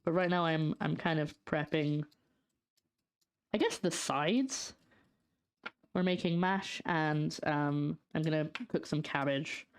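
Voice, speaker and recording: Chatty Scottish woman cooking on stream. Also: sits low. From Scotland. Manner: chatty, reads out and answers chat, trails off in fillers. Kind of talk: casual cooking livestream chat. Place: home kitchen.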